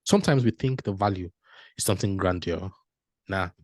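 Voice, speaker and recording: A man, giving a motivational storytelling talk as a panel speaker, animated and laughing often as he acts out dialogue. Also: low-pitched, brisk, dry recording, clean studio sound.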